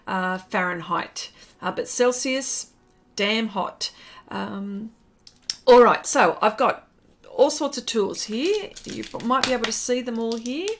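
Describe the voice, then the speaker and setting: An Australian woman chatting casually on a live stream while she paints, greeting viewers by name and rambling with fillers. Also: a little high.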